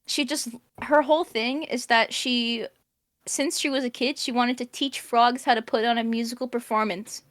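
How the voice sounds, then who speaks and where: A woman's voice: on the high side, steady tone, normal speed, fairly bright tone. A young woman in casual stream chat, giggly and prone to trailing off and restarting her sentences. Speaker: stream co-host.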